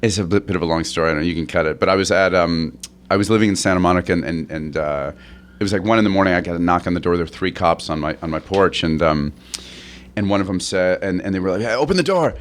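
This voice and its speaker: A middle-aged man with a fairly low voice tells a long anecdote in a loose, rambling way. He stops and restarts often, laughs along, and jumps up in pitch whenever he quotes someone else. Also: fairly even intonation, quick pace. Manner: acts out others' lines in a raised voice. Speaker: interview guest, actor. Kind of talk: casual anecdote telling.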